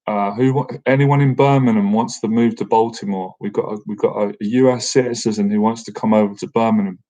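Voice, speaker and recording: A man's voice: on the low side, steady tone, fairly quick, dark tone. A man in his thirties hosting a casual live-stream Q&A, chatty and jokey, often tacking "man" onto his sentences. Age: 30s. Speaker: boxing coach and livestream host. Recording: dull lo-fi stream audio.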